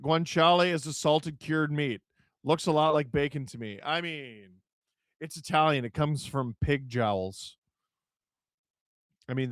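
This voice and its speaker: A man, hosting a live hockey watch-along, calling the play and reading chat with jokes and shouts at big moments. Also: a little high, no echo, studio quality. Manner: excitable, shouts at big plays, jokey.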